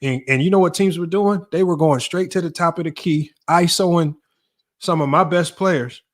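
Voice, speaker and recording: At normal speed and a higher-than-average pitch, a man who coaches basketball and hosts a podcast debates sports informally, pressing his points hard and repeating words for emphasis.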